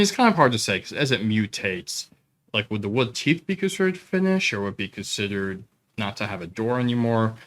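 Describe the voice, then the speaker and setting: A man narrating a tabletop role-playing game as game master, animated, with quick asides and frequent laughter. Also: lowish voice, a little hiss or hum.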